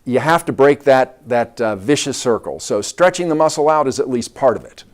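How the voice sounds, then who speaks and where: A man's voice: medium pitch, expressive, normal speed. A man, a doctor guest, explaining step by step in an interview.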